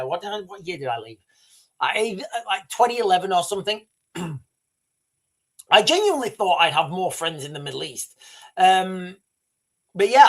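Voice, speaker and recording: Animated, rambling British-based streamer man. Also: high voice. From United Kingdom. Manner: rambling, chatty, addresses viewers as guys. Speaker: livestream host. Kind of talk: casual livestream commentary.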